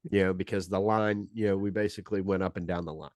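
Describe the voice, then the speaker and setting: A man, a comedian guest on a podcast, telling a rambling, animated story with comic timing in a casual chat. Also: sits low, fast talker, dry recording, clean studio sound.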